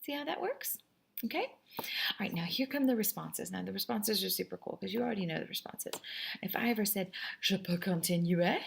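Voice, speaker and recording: A woman's voice: mid-range voice, animated, fairly quick, creaky, slight background noise. A woman French teacher giving a recorded class lesson in an upbeat, chatty, encouraging way at a computer microphone.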